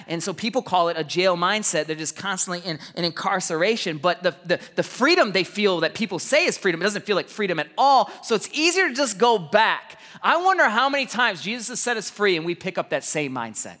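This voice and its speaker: A man in his thirties preaching a sermon, energetic and animated, telling stories with repeated words and laughs. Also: sits high, fairly quick, in a large hall. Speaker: pastor.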